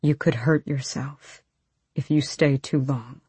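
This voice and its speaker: A woman voicing an injured young man who speaks quietly and tightly through pain, his voice husky and strained. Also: very deep voice, steady tone, slow, no echo, heavily acted. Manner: quiet, pained, clipped through gritted teeth.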